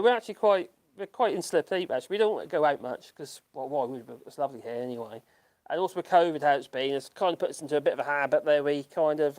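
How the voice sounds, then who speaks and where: A man's voice: fairly high pitch, darkish tone. A man from the United Kingdom, hosting a casual live-stream chat and reading out viewer comments. He rambles in a self-deprecating way, chuckles often and restarts his sentences a lot. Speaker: YouTube channel host. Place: at home in rural France.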